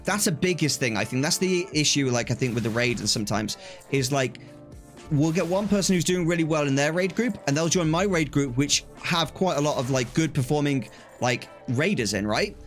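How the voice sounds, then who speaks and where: Man, young adult, casual live-stream chat, animated storyteller, slightly high voice, faint music behind. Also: brisk. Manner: animated storytelling, acts out quoted exchanges, laughs often.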